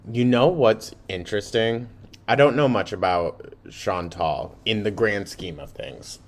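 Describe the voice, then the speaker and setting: A man's voice: on the low side, measured pace. A man hosting a reaction video, talking casually, swearing and laughing often as he comments.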